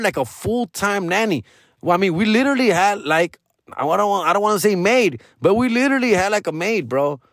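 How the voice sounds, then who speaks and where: A high-pitched man casually tells stories, swearing freely, using slang, mixing in Spanish, and quoting people with lots of animation. It's clean studio sound without any room noise.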